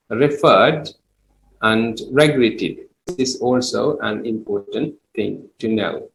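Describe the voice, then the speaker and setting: A man teaching English grammar in a classroom, slow and patient as he works through example after example. His voice sits at an ordinary middle pitch. The room gives it a noticeable echo. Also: slight background noise. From Sri Lanka. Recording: echoey room.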